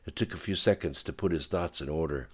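A man narrating a thriller audiobook in a steady, subdued way. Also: rumbling low, quick pace.

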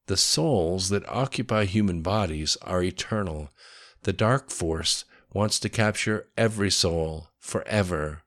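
A man reading the part of a calm, knowing woman in an audiobook, speaking firmly and with finality. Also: deep voice, unhurried. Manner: firm, final, explanatory.

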